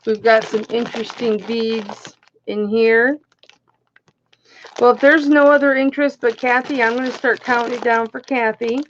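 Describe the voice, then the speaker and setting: A chatty woman with a fairly high voice runs a live online jewelry auction, greeting bidders by name and counting down offers. The stream audio sounds muffled and lo-fi, with a faint hiss underneath. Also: fairly even intonation, unhurried. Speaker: auction host.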